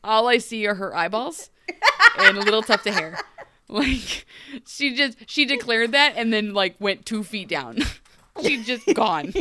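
A woman's voice: fairly high pitch, sing-song, a little slow, bright, forceful tone, slight background noise. A woman co-hosting a podcast in casual chat, gushing about a TV show, laughing often and acting out characters' lines. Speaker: podcast co-host.

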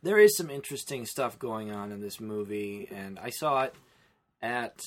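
A man co-hosting a casual film podcast, talking in a rambling, animated way and often breaking off and restarting mid-sentence. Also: on the low side, normal speed. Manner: rambling, animated, self-interrupting. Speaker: podcast co-host.

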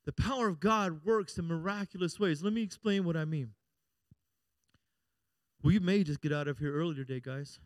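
A middle-aged pastor preaches with a high, ringing man's voice. He swings from loud calls for "Amen?" to hushed, confiding stretches. The sound is close and dry. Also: normal speed, long pauses, dry recording. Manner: preaching with call-and-response "Amen?" and swings between loud and quiet. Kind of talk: sermon.

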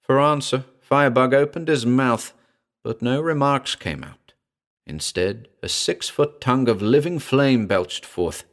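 A man's voice: mid-range voice, expressive, unhurried. A man narrating a comic pulp story in a wry first-person reading. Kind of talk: audiobook reading.

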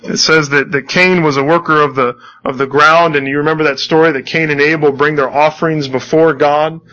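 A man's voice: on the high side, steady tone, a little fast, pushed and bright, lo-fi sound. A man preaching a sermon, earnestly reading scripture and commenting on it, often repeating words as he restarts.

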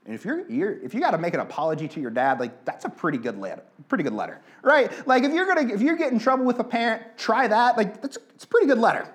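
A man's voice: sits high, quick pace, few pauses. Earnest man preaching a sermon. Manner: earnest, animated, repeats phrases for emphasis. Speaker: pastor.

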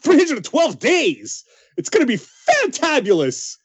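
Lively, playful male co-host. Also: very high-pitched, measured pace, no echo. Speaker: podcast co-host. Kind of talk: casual chat.

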